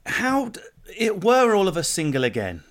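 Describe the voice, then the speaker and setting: A man with an English accent hosting a comedic podcast chat, rambling and self-mocking with quick asides. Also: sits high, huge pitch swings, fairly bright tone. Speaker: podcast host.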